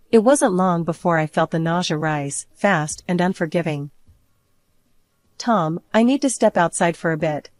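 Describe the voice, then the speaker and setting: Female storyteller, first-person narration, measured and even, fairly low voice, dry close sound. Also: no room sound.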